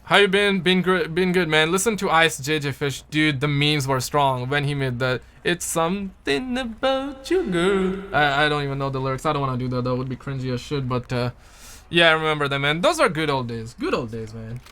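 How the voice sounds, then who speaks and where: A young man from Pakistan chatting casually on a gaming news livestream, deliberately swinging his voice up and down as he answers chat. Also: on the high side, smooth. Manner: animated, shifts his voice up and down on purpose.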